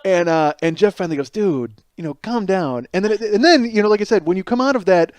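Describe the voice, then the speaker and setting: Clear and resonant, his high voice comes quick and animated with no room sound. As a podcast host, he tells a comic story alone that's profane and mocks himself, acting out the people in it.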